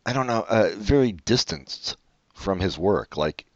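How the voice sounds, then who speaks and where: Very deep-voiced man in casual chat. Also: animated, a little slow, dry recording. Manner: rambling, trailing off, swears at slips. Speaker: podcast co-host. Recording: dry, dull lo-fi sound.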